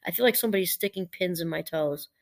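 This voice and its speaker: A middle-aged woman, a professor, talking casually and warmly about gratitude, rambling a little and laughing through her stories. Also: lowish voice, quick pace. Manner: chatty, rambling, laughs while telling stories. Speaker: professor and podcast host. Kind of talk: casual motivational talk.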